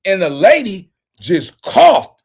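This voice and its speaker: Man in his forties, high voice, casual profane commentary, frequent laughter. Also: takes it slowly, creaky, breathy edge. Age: 40s. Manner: laughing often, profane, animated. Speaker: commentary channel host.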